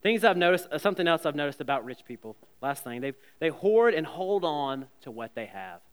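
A man's voice: fairly high pitch, sing-song, brisk, clear, resonant tone. A man in his thirties preaching an earnest sermon as a pastor, often stumbling over repeated words. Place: church sanctuary. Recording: long reverb of a church hall.

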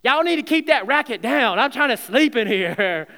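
A man voicing a sweet elderly Southern grandmother woken from sleep, scolding in a high drawl with a Southern accent. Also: animated, moderate pace, creaky, pushed and bright, heavily acted.

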